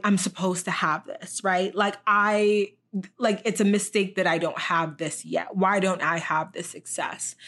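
A woman with a fairly low voice hosts her own podcast. She talks to her listeners in a candid, self-reflective way, full of fillers and restarts. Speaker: podcast host. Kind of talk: reflective casual monologue.

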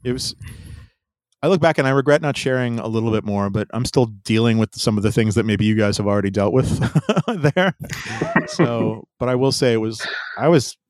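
A man's voice: medium pitch, lively intonation, normal speed, darkish tone, dry recording, studio quality. A man hosting a podcast, chatting candidly with restarts and frequent laughter. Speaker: podcast host. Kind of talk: casual chat.

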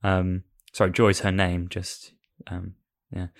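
A man's voice: sits low, monotone, slow pace, gravelly. A married man co-hosting a casual film podcast, rambling and self-deprecating. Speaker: podcast co-host.

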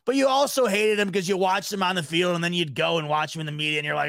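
Rambling, animated male podcast host. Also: high-pitched, very fast, gravelly, few pauses, no echo. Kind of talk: casual sports podcast chat.

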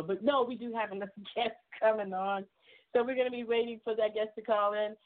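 A woman's voice: fairly high pitch, fairly even intonation, brisk. A woman hosting a casual radio show, effusive and encouraging, laughing often as she chats with callers. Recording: tinny phone-like line.

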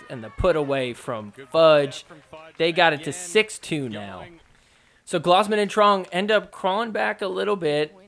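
Chatty man narrating sports highlights. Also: gravelly, fairly bright tone. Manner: chatty play-by-play narration over match footage. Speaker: podcast host. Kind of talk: casual sports recap commentary.

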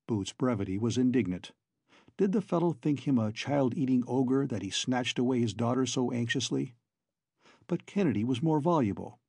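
Husky, mellow male audiobook narrator. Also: mid-range voice, animated, moderate pace, dry recording, clean studio sound. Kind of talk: scripted narration.

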